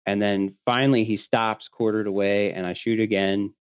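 A man with a fairly low voice tells a hunting story in casual chat, laughing now and then and putting on the voices of his friends. The recording is dry and a little dull, with the top end rolled off. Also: normal speed, clean tone, dry recording. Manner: animated, laughing often, acting out quoted friends. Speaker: podcast guest telling a hunting story.

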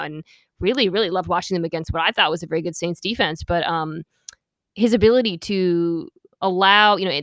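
A woman hosting a sports podcast, talking casually in quick asides with a playful, defensive streak. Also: lowish voice, a bit bright, no room sound. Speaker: podcast host.

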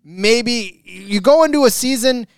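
A man's voice: extremely high pitch, lively intonation, a little slow, smooth, no echo, studio quality. A man co-hosting a sports betting podcast in casual chat, rambling and joking, often restarting his sentences. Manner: rambling, self-correcting, jokey. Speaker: podcast co-host.

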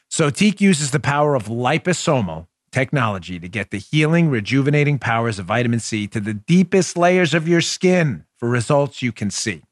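A man hosting a political talk podcast, talking in an animated, joking monologue that slides into mock pleading. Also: mid-range voice, normal speed, few pauses, no room sound, clean studio sound. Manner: excitable, mock-pleading, jokey. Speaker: political talk show host.

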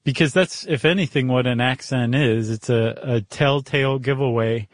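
A man's voice: mid-range voice, moderate pace, dry recording, studio quality. A middle-aged man with a General American accent, hosting a podcast in casual, teasing chat. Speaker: podcast host.

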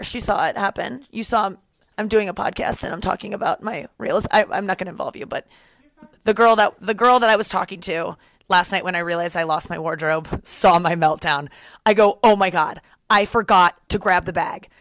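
Animated woman telling a story. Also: medium pitch, brisk, gravelly, dry recording, studio quality. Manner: animated, acts out quoted voices. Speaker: podcast host. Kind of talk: casual storytelling.

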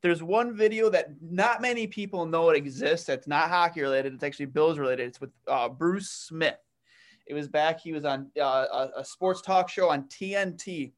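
High-voiced man, animated storyteller. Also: moderate pace. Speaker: podcast co-host. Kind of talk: casual chat.

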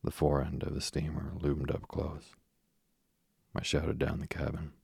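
Very deep, gravelly male narrator. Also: completely flat delivery, normal speed, darkish tone, no echo, clean studio sound. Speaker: audiobook narrator. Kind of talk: first-person literary narration.

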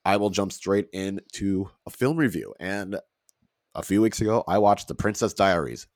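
Very deep-voiced casual podcast man. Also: moderate pace, dry recording, studio quality. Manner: rambling, laughs often. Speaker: podcast co-host. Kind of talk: casual chat.

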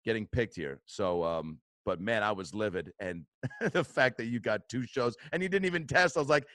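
A man's voice: fairly low pitch, fairly quick, a bit bright, no echo. A man telling a story in casual conversation, swearing freely and acting out quotes with bursts of energy.

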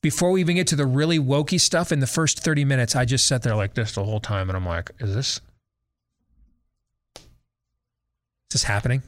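A man's voice: mid-range voice, fast talker, few pauses. A middle-aged man hosting a talk show, giving a sarcastic, exasperated and emphatic rant about a film. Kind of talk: opinionated movie-review rant.

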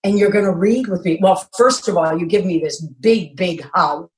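A woman's voice: fairly low pitch, normal speed, echoey room, rough recording. A woman, a guest actress telling an audition story in an effusive, emotional way, talking from her home kitchen. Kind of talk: casual interview chat.

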